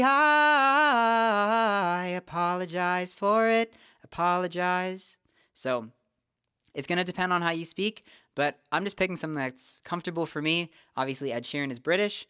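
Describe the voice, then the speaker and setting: A young adult vocal teacher, calmly explaining singing technique step by step in a casual lesson. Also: mid-range voice, clean tone, no room sound, studio quality. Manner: relaxed, explanatory, talks through technique step by step.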